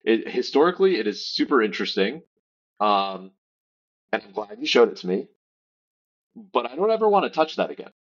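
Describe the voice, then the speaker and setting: A man's voice: medium pitch, sing-song, fairly quick, long pauses, lo-fi sound. A man on a remote podcast call, telling a rambling story in casual chat with swearing and fillers. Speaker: podcast co-host.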